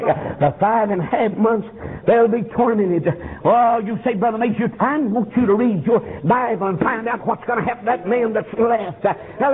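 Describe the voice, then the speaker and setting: Preacher on tinny old tape. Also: male voice, high-pitched. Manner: rhythmic preaching with constant "uh" fillers, bursts into shouting. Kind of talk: fiery revival sermon.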